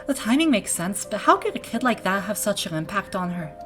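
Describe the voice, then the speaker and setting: A woman's voice: mid-range voice, big pitch swings, fairly quick, fairly bright tone, soft background music, voice pushed up. A woman reading the lines of a chatty small-town parent in a video game, in a put-on Minnesota accent that drifts into Irish. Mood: gossipy, fretful. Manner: folksy, gossipy, talkative. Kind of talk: reading game dialogue aloud.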